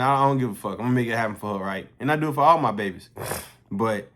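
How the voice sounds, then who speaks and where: A man's voice: mid-range voice, fast, pushed and bright. A man talking casually and bluntly to his viewers in a vlog, swearing freely as he tells a story. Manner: blunt, profane, conversational. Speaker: fitness coach.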